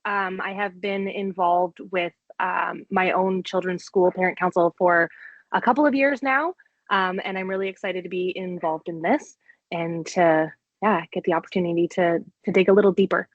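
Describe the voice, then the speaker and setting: Friendly mom, dry close sound, dull call audio. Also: female voice, on the low side, fairly even intonation, moderate pace, no room sound. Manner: friendly, slightly caught off guard. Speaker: parent committee member. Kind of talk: virtual meeting introduction.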